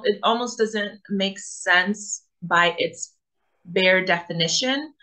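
A woman's voice: fairly low pitch, fairly bright tone, poor audio. A woman from Africa hosting a reaction video, commenting thoughtfully and often restarting her sentences. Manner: thoughtful, hesitant, with frequent restarts. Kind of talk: casual commentary.

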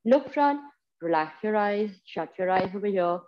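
A woman's voice: medium pitch, expressive, moderate pace, highs cut off. Indian-accented woman guiding a yoga class. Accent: Indian English. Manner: encouraging, gives step-by-step cues. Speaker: yoga instructor. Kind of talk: guided yoga class instruction.

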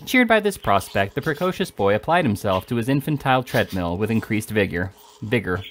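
A man reading a classic novel aloud in a steady voice, with occasional slips and restarts. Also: on the low side, fairly quick, slight background noise. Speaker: amateur audiobook reader.

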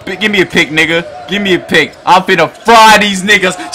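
A man hosting a basketball reaction video, talking in a loud, hyped, profane way and often shouting at the screen. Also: high-pitched, moderate pace, few pauses, a little hiss or hum. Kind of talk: excited basketball reaction commentary.

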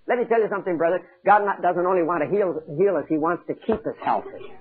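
A man's voice: sits high, fast, husky. A man preaching a sermon, telling a Bible story with dramatic acted-out voices and questions to the congregation. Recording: tinny phone-like 1980s audio tape.

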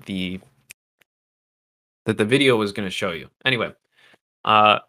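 A man teaching music production in a casual livestream, loose and chatty with asides to the chat, a little hoarse as he is losing his voice. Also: fairly low pitch, steady tone, moderate pace, pauses often, sharp tone.

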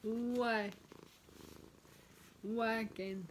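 A woman talks into her camera at home in a casual vlog. She says practice words slowly and carefully, one at a time, in a slightly high voice. Faint noise sits under the recording. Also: fairly even intonation. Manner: slow, careful word-by-word practice; chatty, talks to her cat. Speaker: vlogger. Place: home, with a cat nearby.

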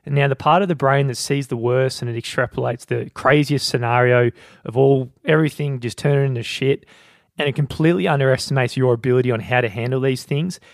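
A man co-hosting a podcast, talking through a book's ideas in a relaxed, conversational way. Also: mid-range voice, fairly quick, vocal fry, dry recording, clean studio sound. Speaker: podcast co-host. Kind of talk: casual book discussion.

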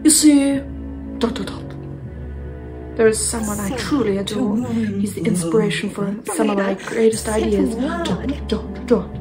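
A woman's voice: mid-range voice, a little slow, pitched below the performer's own voice, close to an everyday voice. A woman reading a gloating male ghost king villain aloud from a video game, in a hammy, mocking way. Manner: reads the game's text aloud, hammy and mocking. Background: game music.

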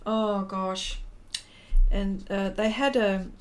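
A woman's voice: mid-range voice, fairly even intonation, slow. Chatty Australian woman hosting an art stream. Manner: chatty, emotional, many fillers and restarts. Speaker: livestream art host. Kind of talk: casual chat while painting, reading out chat comments.

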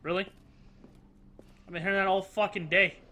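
A man giving excitable, jokey let's play commentary, swearing a lot as he plays. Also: high voice, normal speed. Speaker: gameplay commentator.

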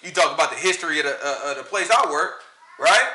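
Southern man, bright high voice, lively Bible teacher, echoey room. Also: quick pace. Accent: US Southern country. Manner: animated, rhetorical questions, frequent laughter. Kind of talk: informal Sabbath teaching.

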